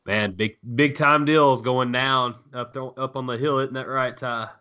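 A man's voice: medium pitch, fairly even intonation, a little slow, bright, forceful tone, clean tone, muffled recording. A young man from South Arkansas, co-hosting a sports podcast in an easygoing, jokey way. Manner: easygoing, jokey, fan enthusiasm. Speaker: podcast co-host. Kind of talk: casual sports podcast chat.

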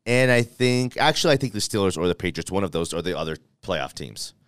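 Male sports talk host, animated and joking, smooth voice, dry close recording. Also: low voice, a little fast, no room sound. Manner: animated, playful, thinks aloud with restarts. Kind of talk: casual sports debate.

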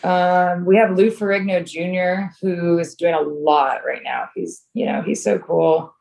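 A woman with a slightly low voice tells a long story in a loose, casual way. She is full of "like" and "um" and often restarts her sentences. Her pace runs fast and slow by turns. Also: fairly even intonation, creaky, darkish tone. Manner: rambling storyteller, many fillers and restarts. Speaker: filmmaker guest. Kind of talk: casual interview chat.

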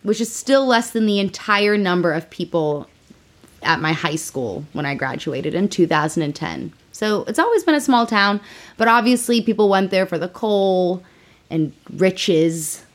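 A woman's voice: mid-range voice, lively intonation, measured pace. A woman in her thirties hosting a podcast, telling a true-crime story in a chatty, playful way. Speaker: podcast host.

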